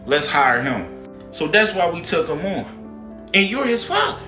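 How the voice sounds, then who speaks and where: A man voicing a self-assured businessman who speaks in a smug, measured way. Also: a little high, very animated, pushed and bright, echoey room, soft background music, voice pushed up.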